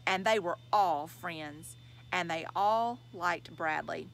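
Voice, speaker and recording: A woman reading a children's novel aloud in an expressive storytelling manner. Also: on the low side, slow, vocal fry, rough recording. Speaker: reader.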